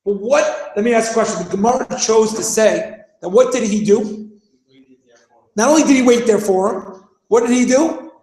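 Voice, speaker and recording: A man's voice: high-pitched, normal speed, darkish tone, roomy sound, poor audio. A man in his thirties teaching a class, who keeps firing rhetorical questions, acts out scenes and raises his voice for emphasis. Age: 30s. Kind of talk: animated classroom lesson.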